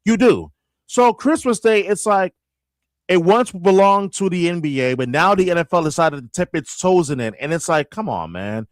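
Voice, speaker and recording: Animated stammering man talking sports. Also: sits high, normal speed, no room sound, studio quality. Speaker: radio host guest. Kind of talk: casual sports talk.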